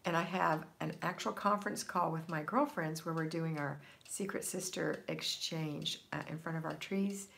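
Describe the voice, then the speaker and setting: A woman's voice: low voice, fairly even intonation, normal speed, vocal fry, hardly any pauses, a bit bright. Upbeat woman hosting a live chat. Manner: upbeat, encouraging, reads comments aloud. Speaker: livestream host answering viewer comments. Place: home, Florida.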